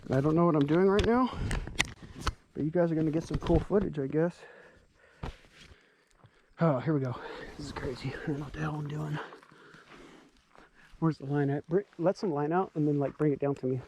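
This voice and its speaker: A man's voice: a little high, normal speed, pauses often, background noise. Joking man in his forties outdoors. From California. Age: 40s. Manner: joking, self-mocking, chatty. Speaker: fishing vlogger. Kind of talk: casual outdoor chat. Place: outdoors at a pond, wading and swimming.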